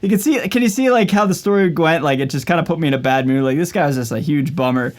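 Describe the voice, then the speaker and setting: At home in his usual filming spot, a vlogger and guitarist chats casually to the camera, upbeat and talkative, sprinkling in plenty of "man" and "like." His voice is on the high side and he talks fast.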